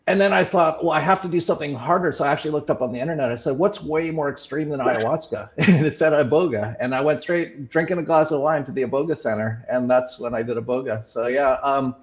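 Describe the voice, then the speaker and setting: A man hosting a talk show, telling a personal story in a casual, reflective way, often pausing and restarting with fillers. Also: on the high side, muffled recording. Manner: halting, many fillers and restarts. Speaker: show host sharing his experiences.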